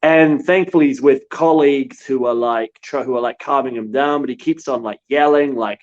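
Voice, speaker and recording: A man from New Zealand, a war correspondent, telling stories in a relaxed, halting way. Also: medium pitch, muffled recording. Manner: relaxed storytelling with many restarts. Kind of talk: casual remote interview.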